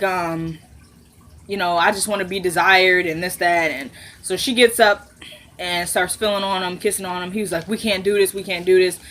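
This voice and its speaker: A chatty woman recaps a TV episode straight to her viewers, jumping between hushed asides and bright, squealing laughs. She acts out each character's lines in a loose, animated way. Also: mid-range voice. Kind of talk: casual recap chat to viewers.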